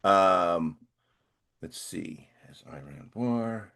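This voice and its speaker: An older man co-hosting a casual chat, rambling and reading text aloud in halting bits. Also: low voice, lively intonation, creaky, bright, forceful tone. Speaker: podcast co-host.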